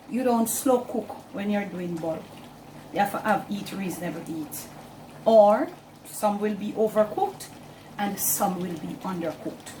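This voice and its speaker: A woman's voice: on the high side, a little mellow, a little hiss or hum. A woman with a Jamaican accent hosting a casual cooking demonstration in her home kitchen, chatting in a mix of patois and standard English. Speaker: cooking channel host.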